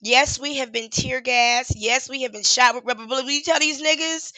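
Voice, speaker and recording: Bright, high-voiced woman live-streaming. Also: fairly quick, no echo, poor audio. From Charlotte, USA. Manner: candid, profane, emotional, laughs often. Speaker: livestream host and activist. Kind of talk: casual live-stream chat.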